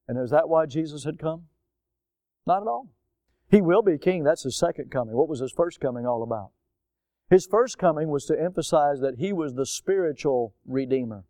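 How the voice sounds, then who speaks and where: A man's voice: a little high, animated, a little fast, dark tone, dry recording, clean studio sound. A man preaching a sermon with a rising and falling cadence and frequent rhetorical questions. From United States. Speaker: pastor.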